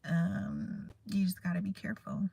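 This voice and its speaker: A woman's voice: medium pitch, fairly even intonation, moderate pace, vocal fry, warm tone, breathy edge, dry recording. A woman in her thirties, vlogging in a candid, emotional, rambling way and chatting casually to her viewers. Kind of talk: casual heartfelt chat to camera.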